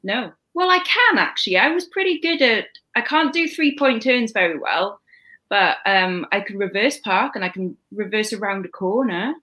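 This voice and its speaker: A woman's voice: mid-range voice, animated, normal speed, sharp tone, rough recording. A woman co-hosting a casual live stream, rambling through a story and stumbling over repeated words. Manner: rambling, repeats words when starting a point. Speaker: co-host.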